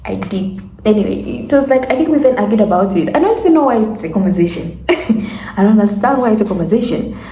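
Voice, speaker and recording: A woman's voice: mid-range voice, quick pace. Woman from Zambia telling a story. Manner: animated, laughing asides, quotes others in her own voice. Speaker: vlogger. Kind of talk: casual storytelling. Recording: echoey room with faint ambience.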